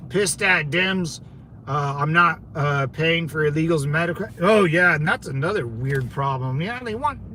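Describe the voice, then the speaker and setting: A man in his thirties talks in a rambling, profane livestream chat, full of fillers and side tracks. His voice sits high for a man. Loud traffic and road noise from outdoors run behind him the whole time. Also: lively intonation, moderate pace. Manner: loose, profane, digressive talk with frequent fillers. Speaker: channel host, Marine veteran.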